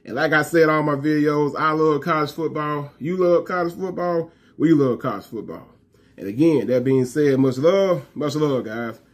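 A man in his thirties rants casually to his viewers about college football, emphatic and repetitive, talking fast and full of slang. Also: on the high side. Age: 30s. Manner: talks fast. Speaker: college football fan vlogger. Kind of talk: casual fan rant to camera.

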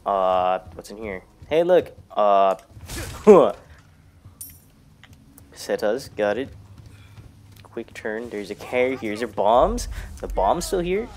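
A man casually commenting while playing a horror game, muttering low to himself, cursing often, and breaking into loud startled shouts. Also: sing-song, takes it slowly, pauses often, slight background noise. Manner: profane, jokey self-talk to the game. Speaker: gaming YouTuber. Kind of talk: casual let's-play commentary.

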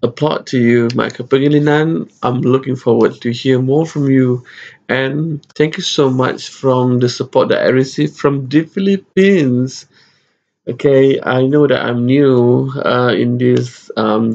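A man's voice: medium pitch, creaky, darkish tone, dull audio. A man hosting a casual music reaction video, chatty and laughing often.

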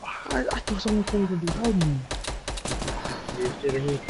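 A man's voice: high voice, lively intonation, moderate pace. A man in casual gaming voice chat, joking with friends and directing where to push. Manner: jokey teasing and tactical calls. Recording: voice chat over loud game noise.

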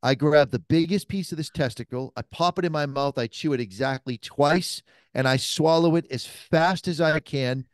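Smooth-voiced man telling a profane story. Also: a little high, normal speed, no echo. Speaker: podcast guest, cigar shop owner. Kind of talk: anecdotal storytelling. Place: mobile podcast studio.

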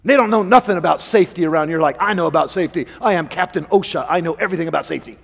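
Ranting hothead coworker guy , as a preacher acts him out, talking fast, lots of big church echo. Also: a little high, creaky. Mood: griping. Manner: fast, griping rant. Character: grumbling hothead male coworker, complaining. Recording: long church reverb.

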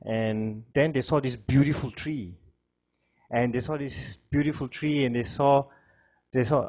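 Man lecturing a class, mid-pitched voice, chatty, repeats phrases, frequent fillers. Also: fairly even intonation, unhurried, a little mellow. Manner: conversational, many fillers, repeats himself.

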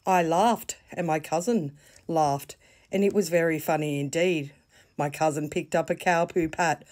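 Slow, low-voiced Australian storyteller woman. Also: fairly even intonation. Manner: slow, gentle, deliberate reading. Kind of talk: bedtime story reading.

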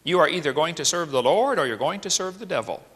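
Lively man preaching in a ringing hall. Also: fairly high pitch, fast, slightly rough. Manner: folksy, joking, full of rhetorical questions. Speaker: creationist speaker. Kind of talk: evening sermon-style lecture.

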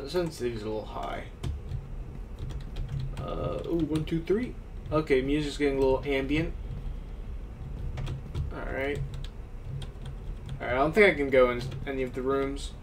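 A man giving let's-play commentary on a horror game, with loud, swearing reactions to scares. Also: medium pitch, measured pace, pauses often, recorded from a distance, a little hiss or hum. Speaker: gaming YouTuber.

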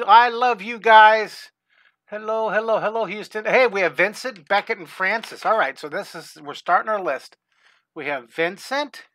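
A middle-aged man runs a live drawing lesson for children, cheering them on and greeting viewers by name. His voice is bright and forceful. The sound is dry and close, with no room echo. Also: high-pitched. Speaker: art teacher hosting a live drawing class.

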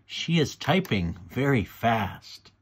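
A man reading a children's storybook aloud, slowly and deliberately, for kids to read along. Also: mid-range voice, sing-song, slightly rough. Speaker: storybook reader.

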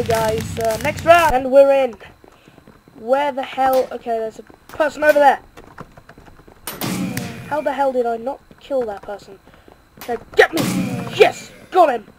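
A woman with a high voice gives live commentary as she plays a game. She is excitable and self-mocking, and she swears and cheers in quick bursts. Clear background noise runs under her home mic. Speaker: gaming video creator.

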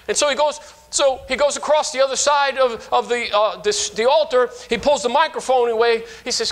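Brief: high-pitched man in his fifties, a pastor delivering a sermon, animated, stops and restarts as he tells stories. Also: moderate pace. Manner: animated storytelling with frequent restarts.

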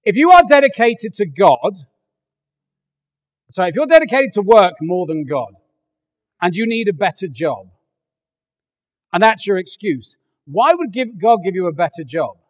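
Lively older English preacher, high voice. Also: male voice, a little slow, pauses often, in a large hall. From England. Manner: animated and joking, acts out little voices. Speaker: pastor. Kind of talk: sermon. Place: large church hall.

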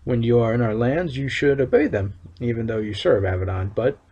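A man voicing a stern male town overseer in a fantasy game, reading his lines in a formal, measured way. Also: medium pitch, darkish tone, husky, lo-fi sound, lightly acted.

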